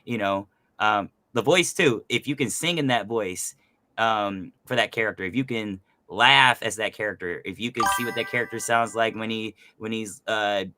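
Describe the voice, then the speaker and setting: A man's voice: lowish voice, moderate pace, slight background noise. A man hosting a casual chat about voice acting, youthful and resonant in tone, talking loosely with plenty of fillers. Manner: energetic, loose, lots of fillers. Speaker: host and voice actor.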